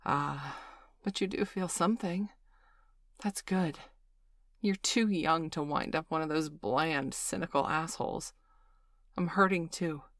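A woman voicing a blunt, caring young female teacher in an audiobook, wry and bitter but gently reassuring. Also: low-pitched, unhurried, long pauses, dry recording, clean studio sound. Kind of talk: audiobook character voice.

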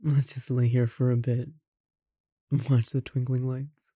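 A performer voicing a caring roommate who confesses love in a romantic audio roleplay, speaking softly with gentle laughs and sighs. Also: medium pitch, level tone, measured pace, slightly rough, no echo, clean studio sound. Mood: tender.

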